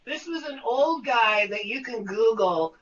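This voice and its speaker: A man, a guest, telling profane, animated stories in casual conversation over a video call. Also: extremely high pitch, unhurried, distant mic, lo-fi sound, background noise. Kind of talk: casual storytelling.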